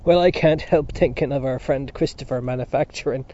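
A man's voice: fairly high pitch, steady tone, fairly quick, creaky, warm tone. A man voicing an older male friend who laughs and coughs as he talks, on a dull lo-fi recording. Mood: amused. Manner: amused, wheezy delivery.

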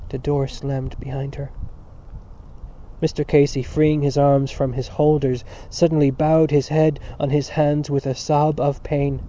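A man reading a novel aloud as narrator, in a measured, expressive way. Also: medium pitch, a little hiss or hum. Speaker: audiobook reader. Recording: dull lo-fi recording.

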